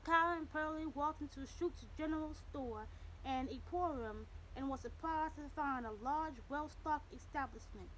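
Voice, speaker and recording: A woman narrating an audiobook in a steady, measured reading. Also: high-pitched, slight background noise, poor audio.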